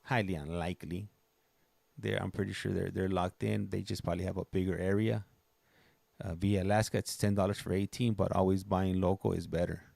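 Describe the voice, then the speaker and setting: A man with a very deep, gravelly voice hosts a livestream in loose, rambling chat. He circles back and restarts his sentences often, and the sound is dry and close. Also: flat delivery, a little fast, dark tone, no room sound. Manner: rambling, chatty, many restarts. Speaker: livestream host. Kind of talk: casual chat.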